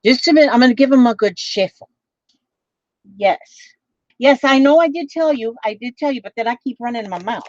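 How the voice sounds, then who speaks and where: Rambling, chatty woman with a slightly high voice. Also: darkish tone, no room sound, muffled recording. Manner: rambling, chatty, many fillers. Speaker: craft vlogger. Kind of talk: casual chat.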